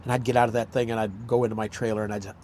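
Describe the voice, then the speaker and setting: A man's voice: on the low side, little pitch movement, very fast, heavy background noise. Older man telling rambling stories. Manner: rambling, anecdotal, acts out quotes. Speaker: actor, guest. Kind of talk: casual storytelling chat.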